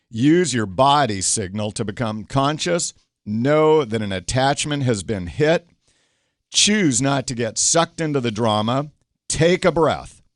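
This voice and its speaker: Man, middle-aged, host, coaching storyteller, dry recording, animated. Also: medium pitch, dry recording. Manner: storytelling, animated acted quotes. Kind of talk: casual talk show conversation.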